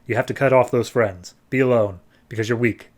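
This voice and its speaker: A man's voice: mid-range voice, fairly quick, close to an everyday voice. A man voicing a manipulative male therapist villain who belittles his patient. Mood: belittling. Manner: belittling, then flustered.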